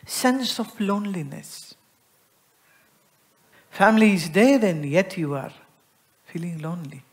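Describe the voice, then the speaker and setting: An Indian-accented woman delivering a spiritual discourse to an audience. She speaks with lively expression, dropping to a soft hush and then rising to emphasis as she explains, often acting out little everyday exchanges. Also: on the low side, measured pace. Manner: expressive, acts out everyday dialogues, swings between soft and emphatic. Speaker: spiritual teacher.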